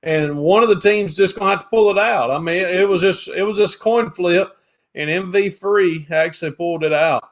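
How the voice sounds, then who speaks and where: A man's voice: high voice, normal speed. A man co-hosting a casual livestream, greeting viewers by name in a folksy, chatty way. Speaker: livestream co-host. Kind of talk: casual live chat.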